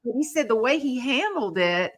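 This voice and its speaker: Animated woman host telling stories. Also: a little high, moderate pace. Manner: animated storyteller, breaks into bits of song. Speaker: talk show host. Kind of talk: casual chat.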